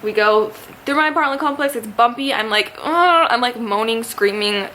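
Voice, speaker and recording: A young woman in her twenties telling a story to camera in a chatty, animated way, with lots of fillers. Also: fairly high pitch, fairly quick, a little hiss or hum. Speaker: vlogger.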